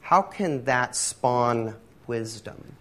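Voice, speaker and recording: A man's voice: medium pitch, animated, extremely slow, fairly bright tone. A man preaching a casual, conversational sermon, rambling with many fillers and self-deprecating humor. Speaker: pastor.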